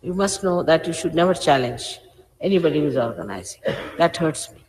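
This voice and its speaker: A woman's voice: medium pitch, a little fast. A woman, a spiritual teacher, gives an informal, emphatic sermon, admonishing her followers. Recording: echoey hall with faint hiss.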